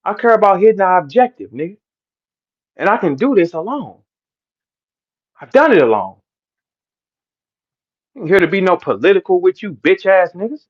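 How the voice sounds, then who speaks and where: A middle-aged man with a St. rants and lectures, his voice pitched high and his manner preachy and profane. He speaks in a fiery sermon-like flow aimed at his listeners. The sound is dull and lo-fi, like a muffled stream. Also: very animated, moderate pace, long pauses. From St. Louis, Midwest US. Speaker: battle rapper ranting to listeners. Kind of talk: heated livestream rant.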